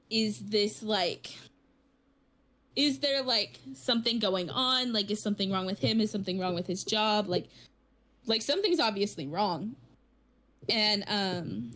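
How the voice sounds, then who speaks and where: A woman's voice: medium pitch, unhurried, fairly bright tone. A woman co-hosting a podcast, retelling a story in casual chat with lots of fillers and restarts. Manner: rambling storytelling with many fillers. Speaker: podcast co-host.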